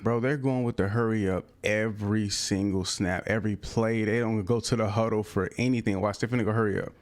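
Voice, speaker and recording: A young man commentating his own football video game play in casual slang, breaking into sudden bursts of excited frustration. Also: on the low side. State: out of breath. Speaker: gaming creator. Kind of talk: live gameplay commentary.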